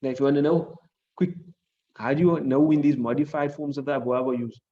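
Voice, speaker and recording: A man's voice: fairly high pitch, steady tone, fairly quick, highs cut off. A man with a South African accent teaching a classroom lesson on hadith and Arabic grammar. He explains patiently, repeats the key points and keeps checking understanding with "right?". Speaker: Islamic studies teacher.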